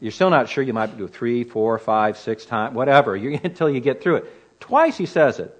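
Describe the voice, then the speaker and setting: A man's voice: medium pitch, expressive, moderate pace. A man teaching through a Bible passage in an earnest, emphatic way, often asking rhetorical questions. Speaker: preacher.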